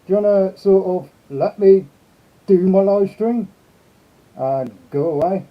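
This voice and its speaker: A man's voice: high-pitched, measured pace. A man hosting a casual live stream, chatting and greeting his viewers one by one. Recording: slightly dull lo-fi sound.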